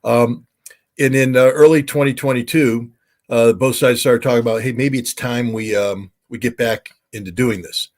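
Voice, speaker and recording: A man's voice: medium pitch, steady tone, normal speed, a little mellow. A man who used to be a weapons inspector, talking as an interview guest in an emphatic way, with many uh and um fillers. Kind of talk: casual interview talk.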